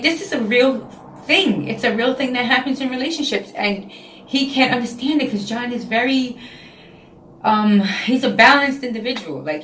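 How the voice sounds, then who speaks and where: A woman's voice: on the high side, a bit bright, a little hiss or hum. Woman, late 30s, New York accent, emotional confessional vlogger, echoey room. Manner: frank, emotional, talks in repeated phrases. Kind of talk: casual confessional vlog. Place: home, indoors.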